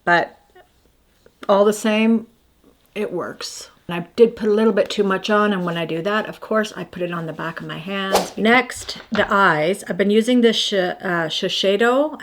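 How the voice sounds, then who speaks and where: A woman's voice: medium pitch, moderate pace. A woman in her fifties chatting casually through her morning skincare routine, rambling and self-deprecating as she shows each product. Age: 50s. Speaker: beauty vlogger.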